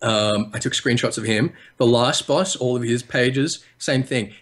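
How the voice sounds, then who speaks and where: Australian man, podcast guest, deliberate trained articulation, average pitch. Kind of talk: casual podcast chat.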